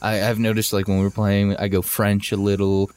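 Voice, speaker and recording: Joking low-voiced podcast co-host. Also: male voice, normal speed, smooth. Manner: joking, deadpan bravado. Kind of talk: casual chat.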